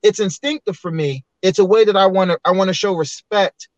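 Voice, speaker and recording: A man's voice: sits high, a little fast, dry recording. A man speaking as a podcast guest, earnest and reflective, with frequent restarts. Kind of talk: candid personal storytelling.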